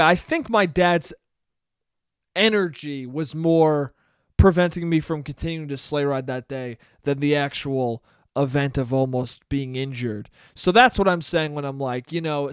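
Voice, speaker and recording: In a casual solo podcast monologue, a young host rambles through a self-mocking story full of profanity. He has a fairly high, clear, resonant voice, and the studio recording is clean with no room sound.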